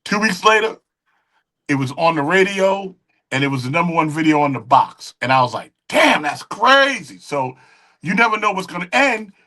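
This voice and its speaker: A middle-aged man, a music engineer and guest, casually telling studio stories in an animated way and acting out the quoted dialogue. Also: on the high side, normal speed. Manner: animated storyteller who acts out quoted dialogue. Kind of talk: casual interview storytelling.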